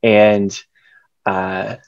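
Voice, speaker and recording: A man's voice: lowish voice, level tone, very slow, gravelly, no echo. A young man presenting over a video call, his voice full of passion and spoken-word rhythm. The audio is dry and close, with a dull, lo-fi edge that comes from the call. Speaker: educator giving a presentation. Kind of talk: presentation with performed slam poetry.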